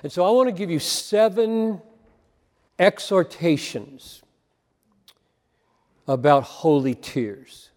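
A man delivers an earnest sermon in a high, emphatic voice. He slows and leans on single words, with deliberate pauses. A long reverb trails every phrase, as in a big hall. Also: expressive, a little mellow. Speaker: preacher. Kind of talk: sermon on a Bible passage.

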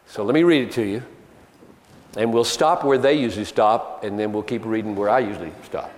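A man's voice: medium pitch, big pitch swings, fairly quick, pauses often. A man preaching a sermon, emphatic and argumentative, driving his points home with rhetorical questions. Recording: long reverb of a large hall.

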